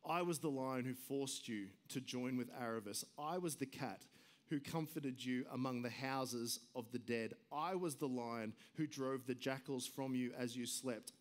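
A man voicing a vast, wise male lion with a deep, quiet, solemn voice, read aloud from a storybook during a sermon. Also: lightly acted.

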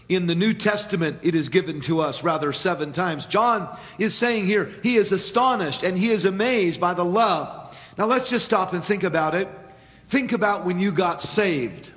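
A man preaching a sermon as pastor in a church, measured, with dramatic pauses and sudden quiet drops. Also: sits high, in a large hall. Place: church sanctuary.

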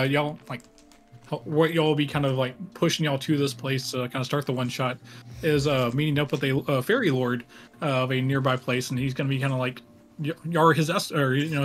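A man's voice: fairly high pitch, a bit bright. A man, game master setting up a one-shot game, rambling with many fillers.

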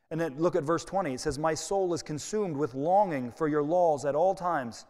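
A man's voice: fairly high pitch, moderate pace, few pauses, darkish tone. A male pastor preaching a sermon to his congregation in a conversational, folksy way, with personal asides. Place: church sanctuary with congregation. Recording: long reverb of a church hall.

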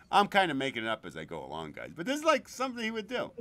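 A man's voice: on the high side, wildly swooping pitch, rapid-fire, hardly any pauses, a bit bright. Crude, laughing podcast host man. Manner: crude, joking, laughs often. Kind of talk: casual chat.

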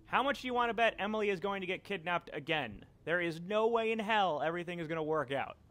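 A young man narrates his own gameplay in a bright, lively voice that swings widely in pitch. He is casual and quick to swear, bursting into excited shouts when caught. Faint background noise sits under the recording, and his voice is a little higher than most men's. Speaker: let's play commentator.

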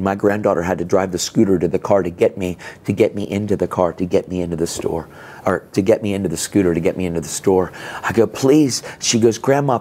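A man's voice: lowish voice, darkish tone, husky. A man telling a dramatic testimony in a church sermon, speaking casually with "man" and "dude" and acting out the other people's voices. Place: church sanctuary.

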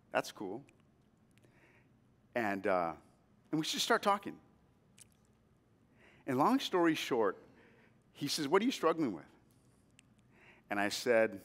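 A man's voice: mid-range voice, big pitch swings, unhurried, long pauses. A man in his fifties preaching a sermon as pastor, telling a personal story and asking the congregation to say amen. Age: 50s. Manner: storytelling, drops to a hush then rises to emphatic calls; asks the congregation for responses.

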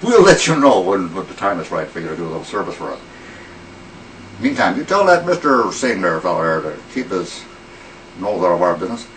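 A man's voice: sits low, big pitch swings, a little fast. Rambling, swearing man heard from a distance. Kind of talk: casual banter in a prank skit. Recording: distant mic with faint background noise.

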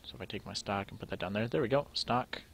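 Low-voiced man musing through gameplay. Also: fast talker, gravelly, a little hiss or hum. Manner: thinking aloud, musing to himself while sorting items. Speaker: let's play gamer. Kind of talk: casual gameplay commentary.

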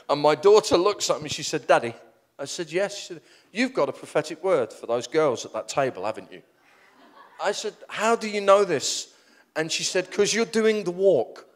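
A middle-aged preacher telling stories from the pulpit, his voice pitched a touch high and swooping all over. He rambles, restarts and pokes fun at himself as he goes. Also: normal speed. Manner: animated, self-deprecating, rambling with restarts. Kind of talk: storytelling sermon.

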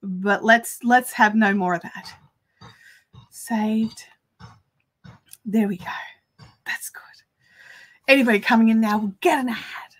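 An Australian woman chats casually through a crafting livestream in a slightly high voice. Her tone is bright and crisp, and she rambles along with ready laughter. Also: steady tone. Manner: chatty, rambling, quick to laugh.

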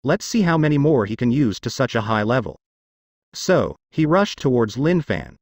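A male audiobook narrator telling a fantasy web novel. His pitch moves freely across a wide range as he tells the story. The recording is dry, with no room sound. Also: sing-song, moderate pace, dry recording.

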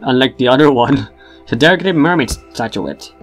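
A man's voice: medium pitch, lively intonation, a little fast, soft background music. A man giving casual game commentary, with wry remarks and chuckles as he plays. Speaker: gamer.

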